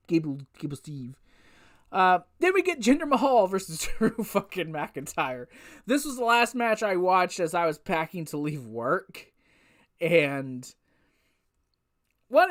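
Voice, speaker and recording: A woman giving a casual review of a wrestling show, ranting with exasperated rhetorical questions and frequent swearing. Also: fairly low pitch. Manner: repetitive restarts and rhetorical questions.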